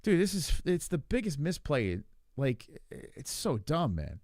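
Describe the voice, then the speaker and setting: A man co-hosting a casual podcast, talking in an animated, profane and rambling way. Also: on the high side, measured pace, no room sound, studio quality. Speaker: podcast co-host. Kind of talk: casual chat about fights.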